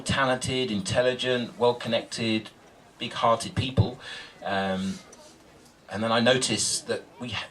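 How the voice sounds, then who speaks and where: A man's voice: medium pitch, pushed and bright, distant mic. A man, a spoken word poet, chatting casually and self-mockingly to a live audience before his poem, with plenty of ums and uhs.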